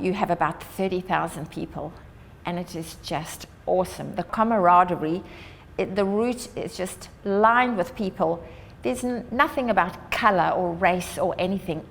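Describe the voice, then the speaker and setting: A woman's voice: on the low side, moderate pace, a little hiss or hum. A woman from Africa, giving an earnest, upbeat public address as an Australia Day ambassador. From South Africa. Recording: long hall reverb.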